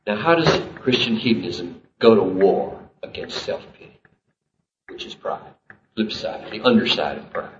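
A man's voice: on the low side, lively intonation, moderate pace, recorded from a distance, background noise. Impassioned male preacher in a roomy church. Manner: emphatic, climbing to impassioned peaks. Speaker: pastor. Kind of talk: sermon. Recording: roomy, dull live sermon recording.

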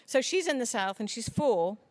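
Higher-voiced woman giving an earnest talk. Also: normal speed, no echo. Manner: earnest, expressive speaker with mock voices for quoted people. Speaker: children's author. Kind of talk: conference talk.

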